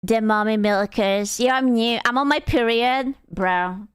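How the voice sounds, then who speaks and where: A woman's voice: fairly high pitch, slow pace, clean tone. A woman streamer chatting casually with her viewers, dramatic and self-deprecating, swearing freely.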